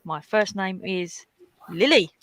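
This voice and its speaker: Woman, stream host, casual chatty anecdotes, mid pitch, dry close recording. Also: animated, slow, a bit bright, dry recording, rough recording. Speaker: host of a live colouring stream. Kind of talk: casual chat.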